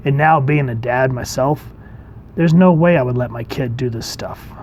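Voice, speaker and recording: Relaxed male comic reviewer, mid-range voice, casual chatty delivery, faint background noise. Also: mid-range voice, moderate pace. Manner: chatty, relaxed, reads comic panels aloud.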